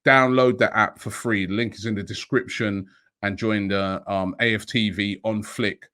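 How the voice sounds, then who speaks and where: A man's voice: fairly low pitch, fairly even intonation, normal speed, bright, forceful tone. A middle-aged man hosting a daily football transfer news show, talking to camera in a chatty way, thinking aloud and asking himself rhetorical questions.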